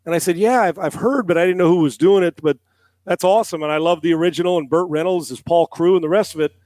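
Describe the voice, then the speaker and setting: Ex-quarterback guest, middle-aged man, tells stories with swearing and voiced quotes, high and dry. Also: fast talker, no room sound. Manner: animated storyteller, acts out quotes, swears casually. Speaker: guest, former NFL quarterback and analyst. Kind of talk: casual storytelling on a podcast.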